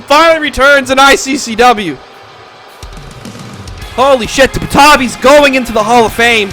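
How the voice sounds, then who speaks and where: A young man doing profane, excitable play-by-play for a hobby wrestling show, swearing constantly and breaking into shouted hype. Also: extremely high pitch, measured pace, pauses often, soft background music. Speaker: fake wrestling commentator.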